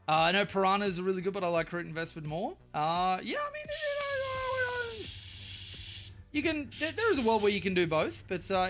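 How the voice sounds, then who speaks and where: A man's voice: high-pitched, fairly bright tone. A man with an Australian accent chatting casually and profanely on a live stream while he paints miniatures. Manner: rambling and profane, with bursts of silly wordplay.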